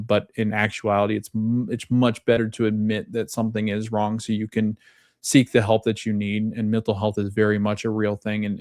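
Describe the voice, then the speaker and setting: A man's voice: on the low side, dry recording, studio quality. A young adult man hosting a podcast, rambling through a casual TV recap with lots of fillers. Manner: rambling, filler-heavy retelling. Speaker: podcast host.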